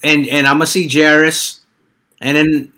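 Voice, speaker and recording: A young man hosting a casual podcast chat, rambling with many halting restarts. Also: on the high side, flat delivery, sharp tone.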